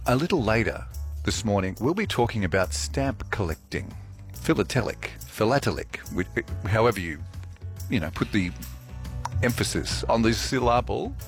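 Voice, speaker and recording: Middle-aged Australian male radio host, low voice, rambling and friendly-casual, faint music bed. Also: very animated, moderate pace. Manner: chatty, meandering, self-correcting. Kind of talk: casual morning radio talk. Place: radio studio. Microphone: studio microphone.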